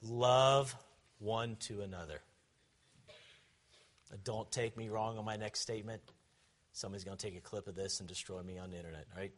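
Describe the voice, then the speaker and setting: A man, a pastor, preaching an impassioned sermon that swings from loud shouting to quiet, conversational asides. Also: lowish voice, fairly even intonation, a little fast, long pauses.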